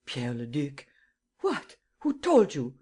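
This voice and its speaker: A narrator voicing a poor, excitable old German man with a German accent who stammers and splutters in bursts. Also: fairly high pitch, moderate pace. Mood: alarmed. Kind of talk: audiobook character voice.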